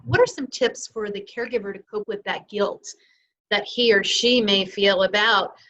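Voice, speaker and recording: A woman's voice: mid-range voice, normal speed, fairly bright tone, highs cut off. A woman interviewer reading out viewer questions in a conversational way, with some hesitation.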